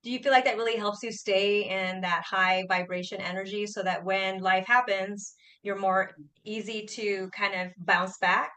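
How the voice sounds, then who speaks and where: A woman's voice: mid-range voice, steady tone, moderate pace, hardly any pauses, pushed and bright, rough recording. A woman hosting a podcast, affirming her guest with enthusiasm and asking long, searching questions. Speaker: podcast host. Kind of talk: casual podcast interview.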